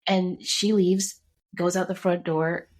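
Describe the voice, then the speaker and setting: A woman's voice: fairly low pitch, little pitch movement, slow pace. A middle-aged woman co-hosting a casual chat, telling a personal story with emotion and acting out what others said. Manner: warm storytelling, emotional, acts out quotes. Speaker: podcast co-host.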